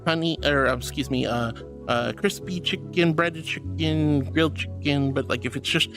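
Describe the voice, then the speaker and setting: Male streamer, high-pitched and sweet, reads chat and thanks fans with pet names, faint music behind. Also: moderate pace. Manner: affectionate, calls viewers honey and darling; bursts into excited high squeals. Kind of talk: livestream chat reading.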